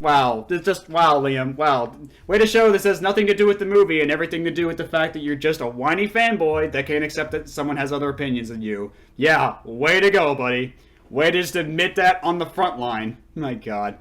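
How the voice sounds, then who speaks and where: A man's voice: a little high, a little fast, a bit bright, slight background noise. A man hosting his own channel, delivering an angry, sarcastic, profanity-laced response to a critic. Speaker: channel host. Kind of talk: angry response-video commentary.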